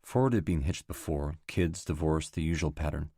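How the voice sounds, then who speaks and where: A man narrating a novel as an audiobook reader, in a measured, even delivery. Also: extremely low pitch, husky, dry recording, clean studio sound. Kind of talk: scripted narration.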